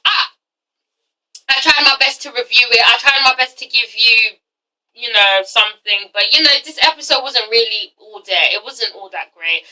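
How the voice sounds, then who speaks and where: A woman's voice: fairly high pitch, normal speed, bright, forceful tone, far from the mic, poor audio. A young woman reviewing a TV show, blunt and profane with exasperated asides. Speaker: TV review vlogger. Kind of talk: casual ranting review.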